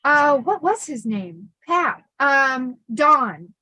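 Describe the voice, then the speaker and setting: A woman hosting a casual storytelling livestream, chatty and animated with lots of fillers. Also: high-pitched, very slow, dry recording, low-quality recording. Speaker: host.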